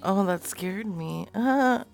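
A woman hosting a stream, chatting casually, swearing freely and drifting between quiet mutters and loud bursts. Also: medium pitch, slow, vocal fry, faint music behind. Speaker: stream host making prank calls.

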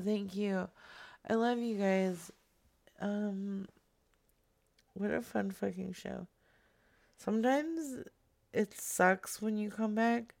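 A woman's voice: on the high side, gravelly. A woman streaming live, chatting casually with her audience and swearing freely.

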